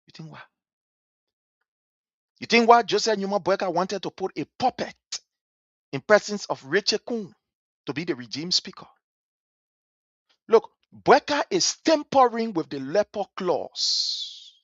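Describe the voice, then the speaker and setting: A man's voice: high voice, very animated, moderate pace, pauses often, no echo. A Liberian man giving impassioned political commentary, scornful and emphatic, hammering his points with repetition. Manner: scornful and emphatic, repeats phrases for effect. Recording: dull lo-fi stream audio.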